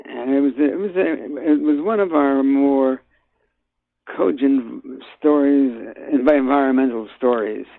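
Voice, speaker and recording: Older male guest actor on a tinny phone line, gravelly voice, hesitant and full of restarts. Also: mid-range voice, no room sound. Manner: halting, many fillers and restarts. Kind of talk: phone interview.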